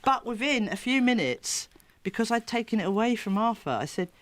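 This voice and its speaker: A woman speaks as a therapist in an interview, spinning her stories with plenty of energy. Her pitch swoops widely as she talks, and she breaks into laughter easily. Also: brisk. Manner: lively, animated storyteller who laughs often. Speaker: therapist and child coach. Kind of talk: storytelling interview.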